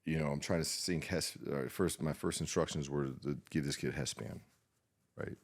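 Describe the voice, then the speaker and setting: Very deep, gravelly man recounting trauma. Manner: halting, many restarts and fillers, swears often. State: emotionally shaken, subdued. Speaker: podcast guest, war veteran. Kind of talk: emotional personal storytelling.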